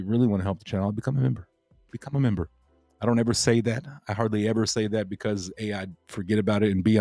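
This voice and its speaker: Dude doing a crypto livestream, low mellow voice, lots of uhs, rambles, dry close mic. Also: male voice, no echo. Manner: rambling, many "uh" fillers and repeats. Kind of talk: casual livestream chat.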